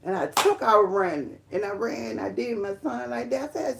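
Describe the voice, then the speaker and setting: Woman on a live stream telling her testimony, gravelly voice, rambles a lot, keeps calling everybody y'all. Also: moderate pace. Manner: emphatic, rambling storyteller who addresses viewers as y'all; bursts into high excited exclamations. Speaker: livestream host sharing her testimony.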